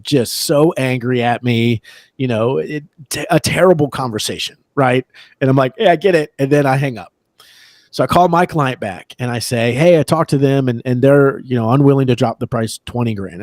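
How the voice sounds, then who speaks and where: A man, a real estate agent, telling an animated story on a podcast, acting out the other people's lines and laughing as he goes. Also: mid-range voice, dry recording. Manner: animated, acts out quoted dialogue, laughs between lines. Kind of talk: casual storytelling.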